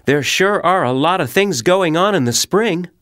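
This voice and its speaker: A man voicing an excitable young male otter who reacts with eager, dramatic gasps. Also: high voice, normal speed, voice pushed up. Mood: excited.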